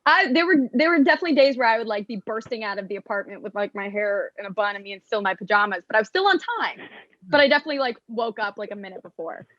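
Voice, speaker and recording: A young American woman chats through an interview, chatty and self-deprecating and full of fillers. Her voice sits a bit high. The sound is dry and a little dull. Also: fast talker, fairly bright tone, dry recording. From United States. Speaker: actress, interview guest. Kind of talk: casual interview chat.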